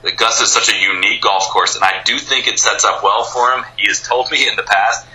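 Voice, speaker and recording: Bright-voiced enthusiastic man on radio. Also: fairly low pitch, steady tone, fairly quick, a little hiss or hum, rough recording. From United States. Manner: rambling, enthusiastic, many restarts. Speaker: guest. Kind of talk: casual interview chat.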